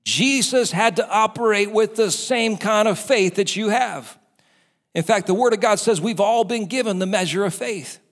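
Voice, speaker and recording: Male pastor, high voice, preaching, acts out the doubters' and the devil's voices. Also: normal speed. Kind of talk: sermon.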